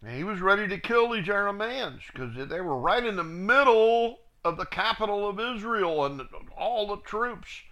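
A man's voice: high voice, expressive, moderate pace, few pauses, bright, forceful tone. A man teaching the Bible verse by verse, reading passages aloud and adding plain asides. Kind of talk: verse-by-verse scripture reading with commentary.

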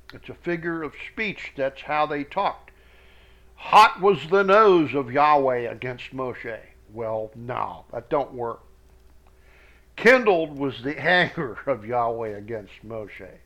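Slow, deliberate man teaching scripture. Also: mid-range voice, animated, fairly bright tone, highs cut off. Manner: reads verses slowly with emphasis, quick asides. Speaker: Bible teacher.

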